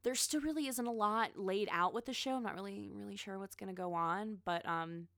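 A woman's voice: medium pitch, a little fast, a bit bright, no echo, clean studio sound. A woman in casual chat, rambling about pop culture with frequent restarts and asides.

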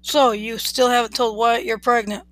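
A woman's voice: a little high, level tone, moderate pace, a bit bright, no room sound, close to an everyday voice. A woman reading the part of an injured young man in a hospital bed, in a sarcastic, guarded way.

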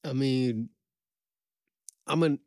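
A man co-hosting a podcast in casual chat, cracking quick profane jokes. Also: medium pitch, darkish tone, no room sound, studio quality. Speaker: podcast co-host.

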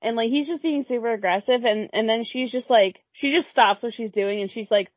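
A woman's voice: a little high, brisk, hardly any pauses, no room sound. A young woman who works retail, telling a workplace story in casual chat, full of fillers and swearing. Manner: chatty, swearing, filler-heavy. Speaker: retail worker. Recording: dry muffled lo-fi recording.

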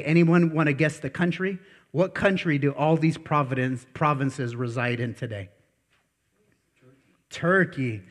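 Animated man preaching. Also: a little high. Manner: animated, blunt, asks the congregation questions. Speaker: pastor. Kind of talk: sermon.

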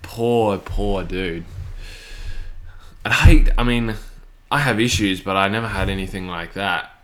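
A young man hosts a solo podcast in a casual, crude ramble. His voice sits a little low. He swears constantly and stumbles through fillers and restarts. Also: a little slow, fairly bright tone. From Australia. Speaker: podcast host.

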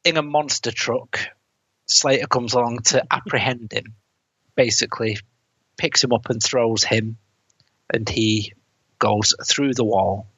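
A man with a slightly husky voice casually narrates a film's plot, laughing now and then and quoting characters. He sounds close and dry on a dull, lo-fi podcast recording. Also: medium pitch, steady tone, unhurried, pauses often, pushed and bright, no room sound. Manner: laughs often while recounting scenes, quotes lines in put-on voices. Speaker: podcast co-host reviewing a film. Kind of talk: casual chat, retelling a plot.

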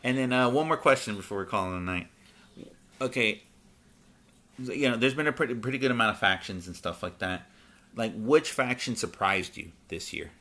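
A man hosting a casual chat about wrestling, talking in halting bursts with many pauses and restarts. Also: medium pitch, expressive, a bit bright. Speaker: podcast host.

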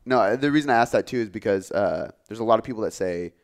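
A man who works as a fitness coach, talking casually on a podcast, relaxed and full of filler words. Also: fairly low pitch, fast talker. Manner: relaxed, filler-heavy, says "like" often.

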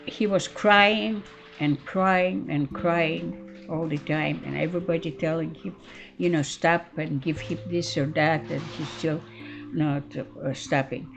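Older female interviewee, halting non-fluent English, slow pace, music bed behind. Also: low-pitched, fairly even intonation, vocal fry. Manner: halting broken English, many fillers. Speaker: interviewee recalling childhood. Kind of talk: oral history interview.

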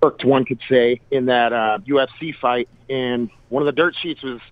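A man from Portland, Oregon, chatting with a talk show as a first-time caller in a relaxed, slangy way over a phone line. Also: mid-range voice, moderate pace, dry recording.

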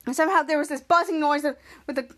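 A woman's voice: high-pitched, steady tone, racing, sharp tone. A young woman hosting a podcast, casually recapping a TV episode scene by scene, with many restarts as she acts out the characters' lines. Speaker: podcast host.

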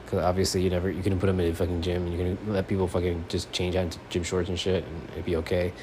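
A man from Miami holds forth alone on his sports podcast, his voice sitting on the low side. He curses freely, drifting from subdued, almost muttered stretches into loud, fired-up ranting. A faint hiss of room noise hangs under the recording from his apartment. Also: fast talker. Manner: profane, animated, swings between subdued mumbling and loud ranting. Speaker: podcast host. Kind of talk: casual solo sports podcast rant.

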